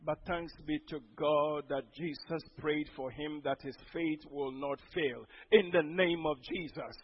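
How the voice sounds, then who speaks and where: A man preaching a sermon as pastor, breaking into sudden loud emphatic outbursts. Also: fairly high pitch, fairly even intonation, a little slow, slightly rough, lo-fi sound.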